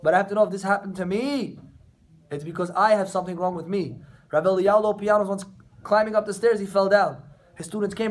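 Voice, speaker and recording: Brief: male rabbi, high voice, casual class talk to a small group of students, acts out what people say. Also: fast. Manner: conversational, addresses students directly, acts out quotes. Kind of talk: informal Torah class. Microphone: camera recording the class.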